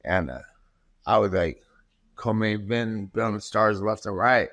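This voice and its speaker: A man in his thirties, a fighter guest, telling stories in a profane and animated way in a casual interview. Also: lowish voice, unhurried, no echo, lo-fi sound.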